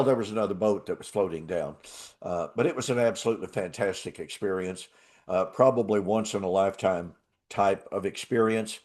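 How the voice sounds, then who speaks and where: An older man hosting a talk show, telling a travel story in a casual, animated way and laughing often. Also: lowish voice. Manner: animated, laughs often, acts out quoted voices. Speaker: show host.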